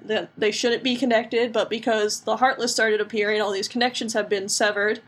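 A woman's voice: on the high side, little pitch movement, normal speed, hardly any pauses, fairly bright tone. A young woman co-hosting a podcast in casual chat, chatty and laughing as she recaps things. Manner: chatty, laughing, recaps with silly character voices. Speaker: podcast co-host.

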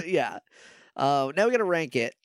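A man's voice: on the high side, sing-song, unhurried, no room sound, studio quality. A man co-hosting a podcast, chatting casually over a video call, rambling with lots of fillers and frequent laughs. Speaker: podcast co-host. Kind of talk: casual chat. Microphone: remote video-call mic.

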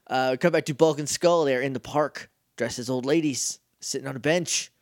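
A man co-hosting a podcast, chatting casually and joking as he recaps a TV episode, slipping into quick character impressions. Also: mid-range voice, no echo, studio quality. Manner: jokey, mimics characters in quick asides. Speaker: podcast co-host.

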